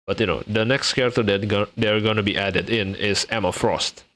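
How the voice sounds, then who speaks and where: A man's voice: lowish voice, fairly even intonation, a little fast, a bit bright. Laid-back young man streaming. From Indonesia. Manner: laughs often, restarts, mixes English with Indonesian. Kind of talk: casual live-stream chat.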